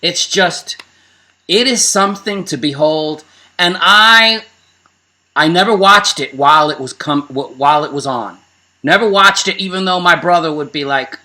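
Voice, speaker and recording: A man with a Brooklyn accent co-hosts a relaxed show, recounting stories with animation and a ready laugh. His voice sits high and sounds bright. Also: normal speed. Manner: animated storyteller, laughs often. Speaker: co-host. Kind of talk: casual chat.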